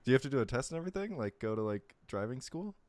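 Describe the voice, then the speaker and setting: A man's voice: medium pitch, very animated, very fast, darkish tone. A man hosting a live-stream interview, laid-back and chatty, laughing along with short replies. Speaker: stream host. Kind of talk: casual interview chat.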